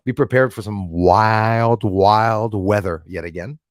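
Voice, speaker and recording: This livestream host has a lowish voice and talks slowly, rambling casually while reading out and thanking people in the chat. The recording is dry and studio-clean.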